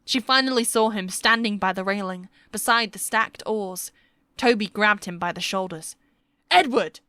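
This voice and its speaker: A woman narrating a historical fantasy romance audiobook with steady, measured storytelling. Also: mid-range voice, clear, resonant tone, no room sound.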